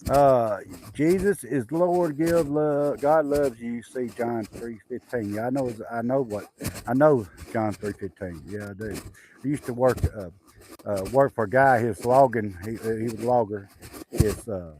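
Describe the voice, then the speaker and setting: A man's voice: medium pitch, dark tone, a little hiss or hum. Rambling Southern man chatting on a live stream. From Southwest Arkansas, USA. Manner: rambling, halting, many fillers and restarts. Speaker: homesteader livestreaming. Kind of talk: casual live-stream chat reading comments. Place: outdoors on a rural homestead.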